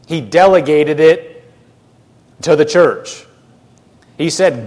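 A man's voice: on the high side, a little slow, pauses often. A man preaching a sermon, telling a story with emphatic repetition. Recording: long reverb of a large hall.

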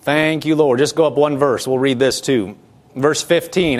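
A man's voice: mid-range voice, steady tone, normal speed. A man pastor preaching a sermon in a conversational way, repeating key phrases and restarting sentences as he talks.

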